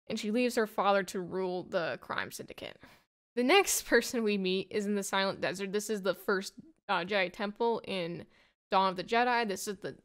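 A woman giving a casual, rambling plot summary of a comic, full of "like" and "you know". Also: medium pitch. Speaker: comic book reviewer.

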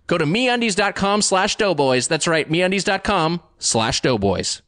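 A man co-hosting a podcast in casual chat, sometimes with a flat, mock-hype announcer delivery. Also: high voice, measured pace, hardly any pauses, no room sound, studio quality. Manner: mock-hype announcer delivery, then laid-back and tired. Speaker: podcast co-host.

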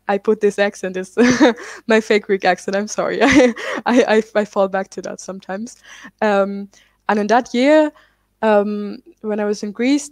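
A young woman from Germany in her twenties speaks on a panel about her activism. Her delivery is loose and easygoing, full of fillers and quick self-corrections. Her voice sits at a middle pitch and sounds close and dry, with no room around it. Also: a little mellow, no echo. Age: 20s. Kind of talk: panel talk.

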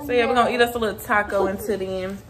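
A woman's voice: mid-range voice, steady tone, very fast, reverberant, a crowd in the background. A woman, chatting casually to her viewers at home in a vlog, often calling them y'all. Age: 20s. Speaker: vlogger. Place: home, porch and kitchen.

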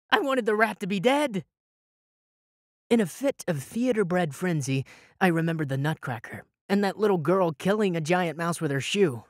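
A man's voice: a little high, expressive, normal speed, no room sound, clean studio sound. A man narrating a first-person audiobook in a dramatic, wry way.

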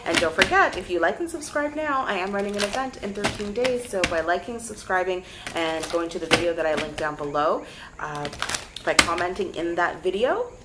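Lively chatty woman reading tarot cards. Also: lowish voice, a little fast, heavy background noise. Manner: chatty, lively, addresses viewers as "guys". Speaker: tarot reader. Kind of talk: casual tarot reading to camera.

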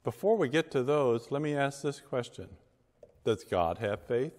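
A man, a pastor, reading scripture and preaching a sermon with measured, emphatic delivery and deliberate pauses. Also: medium pitch, expressive, a little mellow. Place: church sanctuary. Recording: long church reverb.

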